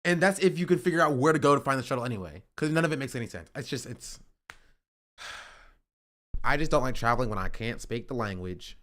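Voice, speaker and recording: A man talks at an ordinary middle pitch in loose, rambling casual chat. He keeps looping back on himself, restarting sentences and tagging lines with "right?" or "you know?" as if checking in with the listener. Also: lively intonation, fairly quick, a bit bright. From United States. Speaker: streamer.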